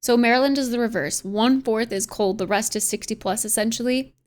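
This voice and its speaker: A young American woman on a livestream, talking in a relaxed, chatty way from her home setup. Her voice sits a touch high, and she reads viewer messages aloud, mulls them over and laughs often. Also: a little fast. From United States. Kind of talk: casual stream chat.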